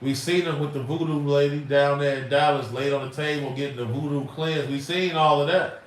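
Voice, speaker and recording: A middle-aged man from Chicago hosts a casual livestream, emphatic, rambling and slangy. His voice is fairly high with a steady tone, and he talks fairly quickly. He sounds far from the mic, with roomy echo and faint noise.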